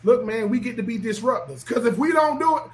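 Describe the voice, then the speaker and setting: High-voiced emphatic man. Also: expressive, a little fast. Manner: emphatic, preachy, repeats himself. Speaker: podcast guest, former football player. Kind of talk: animated podcast talk.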